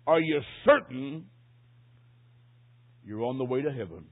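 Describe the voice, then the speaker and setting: A preacher voicing a blunt, earnest pastor. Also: male voice, medium pitch, animated, measured pace, breathy edge, voice pushed down. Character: solemn grown male pastor at a deathbed. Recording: tinny phone-like recording.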